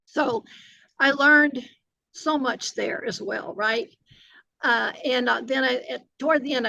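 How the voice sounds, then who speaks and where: Gravelly older woman. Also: medium pitch, pushed and bright, no echo, poor audio. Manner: earnest, many fillers and restarts. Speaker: retired foster care agency director. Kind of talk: reflective interview answers.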